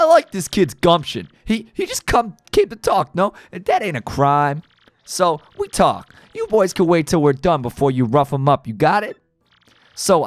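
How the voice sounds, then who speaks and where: A man voicing a gruff, domineering mob boss in a video game playthrough, talking tough in a gangster manner. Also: on the high side, dry recording, pitched above the performer's own voice. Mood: commanding. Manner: tough-guy gangster talk, clipped threats. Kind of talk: let's play voice acting.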